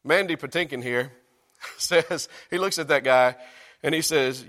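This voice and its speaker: A man preaches a sermon in a church sanctuary. He keeps it conversational, dropping joking asides to his congregation. His voice sits a little high, and it rings out with the long reverb of the hall. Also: measured pace, a bit bright. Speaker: pastor.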